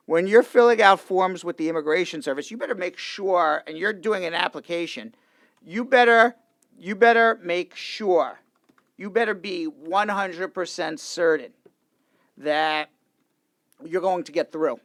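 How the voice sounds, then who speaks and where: Lawyer guy hosting a law talk show, animated, restarts a lot, slightly high gravelly voice. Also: unhurried, dry recording, studio quality. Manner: animated, restarts and repeats himself. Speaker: immigration lawyer and show host. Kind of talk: casual legal talk show. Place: studio.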